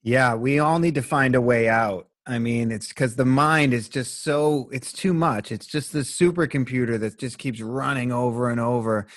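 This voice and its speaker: A man's voice: mid-range voice, moderate pace, hardly any pauses, dry recording, studio quality. Earnest man hosting a casual podcast. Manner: earnest and open, with casual swearing. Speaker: podcast host, breathwork teacher.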